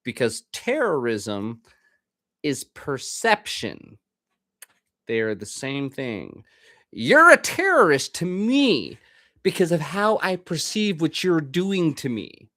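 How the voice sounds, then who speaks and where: Podcast host, male, swearing, rambling rant; slightly high voice, dry close sound. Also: big pitch swings, slow, sharp tone, no room sound. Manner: profane, rambling, ranting. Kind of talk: casual monologue.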